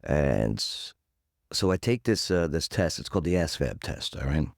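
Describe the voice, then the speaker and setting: A man's voice: moderate pace, creaky, no echo, clean studio sound. A man in his forties, a podcast guest, telling a punchy story and acting out the voices of others. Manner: animated storyteller who acts out quotes; punchy, peppers story with "boom".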